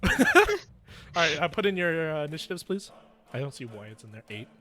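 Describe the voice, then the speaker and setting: A man's voice: fairly high pitch, animated, a little fast, background noise. A young man narrating as game master in an online tabletop game, rambling and correcting himself as he goes.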